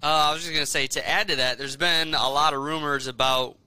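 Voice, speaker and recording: A man's voice: fairly high pitch, fairly even intonation, brisk, pushed and bright, clear, resonant tone, no echo. A man co-hosting a casual sports chat with laid-back, chuckling asides. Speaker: podcast co-host.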